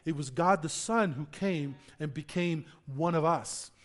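A pastor delivers his sermon at a measured pace, alternating between loud, emphatic declarations and quieter explanations. He frequently repeats words, restarts his phrasing, and poses questions to the congregation.

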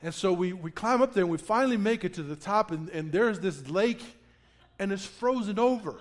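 Male pastor, high tenor, animated storyteller delivering a sermon to his church. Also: moderate pace. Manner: animated storyteller, acts out quotes with laughter. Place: church in front of a congregation.

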